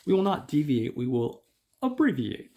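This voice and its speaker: A group of elderly male synagogue elders, pitched high and thin, deliberating in questioning tones, as a man voices them. A slight gravel runs through the raised pitch. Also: big pitch swings, normal speed, dark tone.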